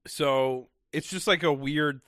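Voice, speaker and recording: A young man co-hosting a recap podcast in a casual chat, dry and deadpan, with hesitant restarts. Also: on the high side, slow pace, no echo. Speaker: podcast co-host.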